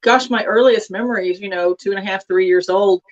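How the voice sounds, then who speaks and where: A woman's voice: medium pitch, brisk, lo-fi sound. A woman from Texas, a guest author, chatting casually in an interview with many fillers and asides.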